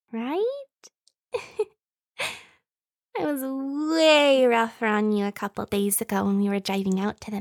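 Woman voicing a high-voiced, giggly younger sister, slow and teasing, whispered role-play, dry and close. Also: no room sound. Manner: playful, breathy whispering with frequent giggles.

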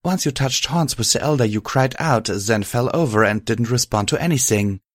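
A man voicing a caring young female pony with a soft, raised, soothing voice. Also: medium pitch, lively intonation, normal speed, no room sound, studio quality, close to an everyday voice.

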